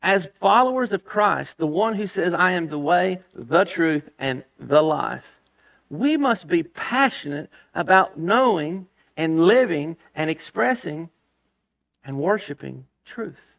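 A man's voice: fairly high pitch, expressive, takes it slowly, vocal fry, a bit bright. A man preaching a sermon as pastor, emphatic, reading scripture aloud and dropping his voice for stress.

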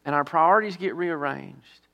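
A male pastor delivers a sermon in a gravelly, somewhat high voice. He presses key words hard, then drops into quieter, slower asides. He often asks his listeners rhetorical questions. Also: highs cut off.

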